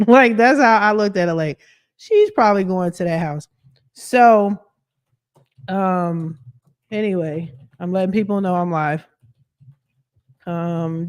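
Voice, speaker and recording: A woman's voice: mid-range voice, clear, resonant tone, no echo, studio quality. Chatty woman telling a story on a livestream. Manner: chatty, animated, multitasking while talking. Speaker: credit expert livestreaming. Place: living room at home.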